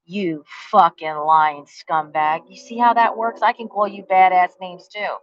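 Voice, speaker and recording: A woman's voice: on the low side, a little slow, hardly any pauses, no room sound, muffled recording. A woman, delivering a profane, confrontational rant, taunting with rhetorical questions and heavy cursing. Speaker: vlogger. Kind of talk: angry rant to the camera.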